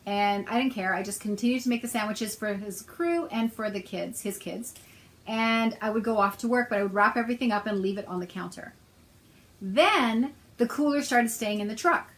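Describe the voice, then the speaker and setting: A woman's voice: mid-range voice, moderate pace, a bit bright, rough recording. A middle-aged woman talking casually to her viewers, telling a personal story in a chatty way with a sarcastic edge. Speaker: self-help author and host.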